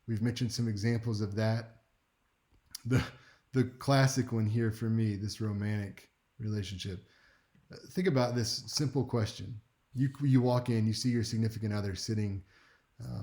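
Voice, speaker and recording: A man teaching a speech class in a relaxed, conversational lecture, with wry asides and frequent check-ins with his listeners. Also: on the low side. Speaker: speech instructor.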